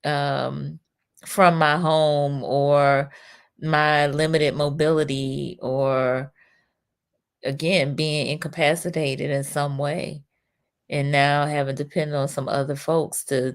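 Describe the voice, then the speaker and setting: A woman's voice: low voice, vocal fry. A middle-aged woman hosting a talk show, reading out viewer comments and responding with empathy. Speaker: host. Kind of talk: casual talk show conversation.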